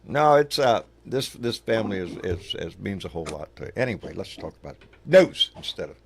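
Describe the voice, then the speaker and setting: A man's voice: lowish voice, very animated, brisk, vocal fry, a little hiss or hum. An older man hosting a casual livestream chat, rambling and folksy, swearing casually. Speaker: show host.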